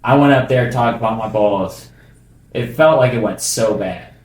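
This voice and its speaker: In a reverberant space, a man in his twenties chats casually and tells comedy stories at a moderate pace. His voice is mid-range, and he's an animated storyteller who laughs often and acts out what other people said.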